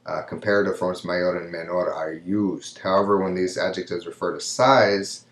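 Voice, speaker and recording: A man's voice: low-pitched, fairly even intonation, normal speed. A man teaching a recorded grammar lesson, explaining step by step and often checking in with "right?". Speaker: Spanish teacher. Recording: echoey room.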